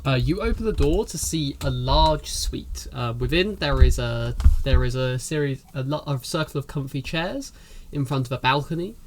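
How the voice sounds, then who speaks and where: A man narrating as game master in a tabletop role-playing game, describing scenes with many pauses and restarts. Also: mid-range voice, slight background noise. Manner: hesitant, lots of restarts; laughs often.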